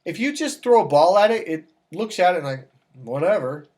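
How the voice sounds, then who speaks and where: A man working as a dating coach, talking casually to camera and telling stories with acted-out dialogue. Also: a little fast. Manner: animated storytelling, acts out dialogue with raised pitch.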